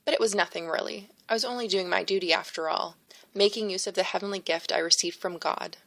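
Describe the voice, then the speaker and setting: A woman voicing a kindly, modest male priest who talks gently and a little formally in an audiobook. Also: mid-range voice, fairly even intonation, quick pace, vocal fry. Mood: earnest. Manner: gentle, earnest, slightly formal.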